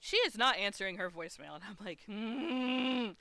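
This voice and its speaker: Woman streamer, bright crisp voice, dry close mic, frank chatty storyteller who swears. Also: mid-range voice, big pitch swings, fast talker, no room sound. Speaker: live-streaming artist. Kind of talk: casual storytelling on a live stream.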